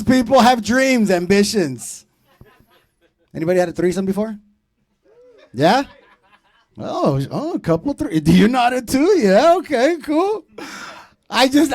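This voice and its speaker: A man in his thirties hosting a comedy show, doing loud, profane, teasing crowd work from a club stage. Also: high-pitched.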